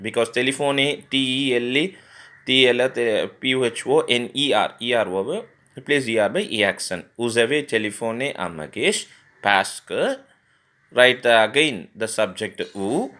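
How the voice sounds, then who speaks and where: A man's voice: medium pitch, expressive, a little slow, sharp tone. Man teaching grammar, spelling words aloud. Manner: spells words letter by letter, frequent fillers and restarts. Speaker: French teacher. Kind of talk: grammar lesson explanation.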